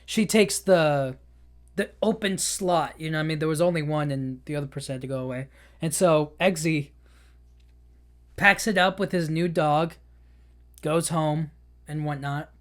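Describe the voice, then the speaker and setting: A man's voice: on the high side, normal speed, long pauses. A man hosting a podcast, casually retelling a film in a rambling way, full of filler words, with frequent laughs. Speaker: podcast host. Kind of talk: casual movie recap.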